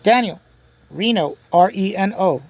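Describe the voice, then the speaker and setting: A woman hosting a home-made crossword game show, reading clues and spelling answers letter by letter, pausing and restarting often. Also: medium pitch, expressive, darkish tone. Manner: halting, with frequent restarts.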